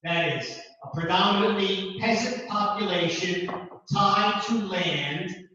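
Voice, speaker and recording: A man giving a classroom lecture with a measured, deliberate delivery and emphatic repeats. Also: sits high, sharp tone. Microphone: distant room mic, also streamed to Zoom. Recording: distant, echoey, dull hall recording.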